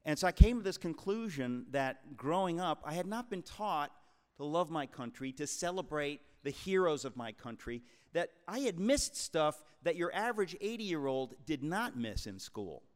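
An author in his sixties from the New York area gives an emphatic, preacherly talk to a live crowd, calling them folks. His voice sits a touch higher than most men's. The sound carries the long reverb of a large hall. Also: sing-song, moderate pace. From New York tri-state area, USA. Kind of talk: speech to a live audience.

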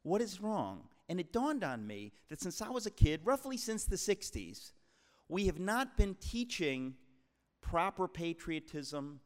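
Man in his 60s, from the New York area, author speaking to an audience, emphatic and preacherly, slightly high voice, long hall reverb. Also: sing-song, unhurried. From New York tri-state area, USA. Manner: emphatic, preacherly, addresses listeners as folks. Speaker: author giving a talk. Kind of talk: speech to a live audience.

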